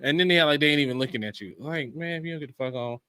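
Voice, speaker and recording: A man co-hosting a casual podcast who tells his stories in an easy, unhurried way. His voice has a bright, tense edge, and it is recorded close and dry. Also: fairly high pitch, smooth, dry recording. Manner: laid-back storytelling, frequent agreeing murmurs. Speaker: podcast co-host. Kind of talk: casual chat.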